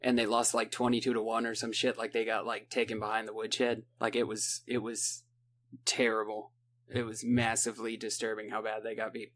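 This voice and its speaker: A man in casual podcast chat, recapping a book in a rambling, sarcastic way and mimicking the characters in quick asides, with a lilt. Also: lowish voice, monotone, fairly bright tone, a little hiss or hum. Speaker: podcast co-host.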